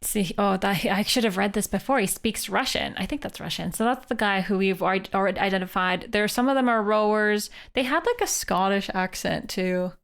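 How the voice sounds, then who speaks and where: A woman's voice: medium pitch, fairly quick, gravelly, few pauses. A woman from Canada, a streamer, thinking aloud in casual, playful live game commentary.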